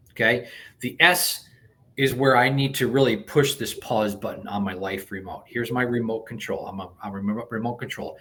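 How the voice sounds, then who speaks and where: A man being interviewed as a coach, explaining a technique step by step in an animated way, with frequent restarts. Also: mid-range voice, normal speed. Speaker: guest coach. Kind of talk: conversational interview.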